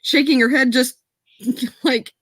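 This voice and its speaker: A woman's voice: a little high, expressive, unhurried, no echo. A woman playing in a tabletop role-playing game, chatty and giggly. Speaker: player.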